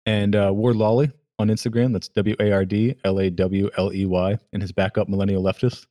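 A male podcast host who talks quickly in a fairly low voice. He keeps it loose and casual, with fillers and the odd swear word. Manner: relaxed, profane, drifts with fillers.

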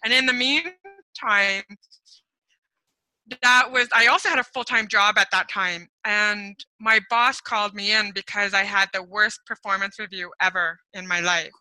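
A woman's voice: mid-range voice, a little slow, bright, forceful tone, dry recording, rough recording. A middle-aged woman guest, a speaker, telling her life story candidly in a casual interview with frequent fillers. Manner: candid, laughs easily, many fillers.

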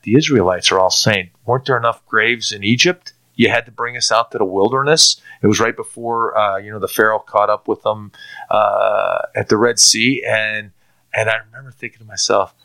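A middle-aged man giving a personal faith testimony in an earnest, halting way, often restarting and repeating words. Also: lowish voice, creaky, sharp tone. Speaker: testimony speaker.

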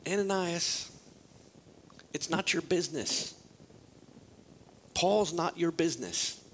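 A man voicing God as a firm, measured figure who gives plain orders. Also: on the high side, a bit bright, slight background noise, rough recording.

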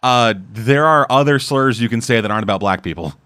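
A man's voice: mid-range voice, a little fast, fairly bright tone, clean tone, no room sound, studio quality. A young man in casual podcast chat, making wisecracks and banter.

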